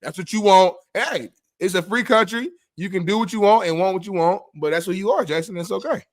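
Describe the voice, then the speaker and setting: A man's voice: high voice, a little fast, no room sound. A man co-hosting a live sports talk show, bantering in a laid-back, slangy way.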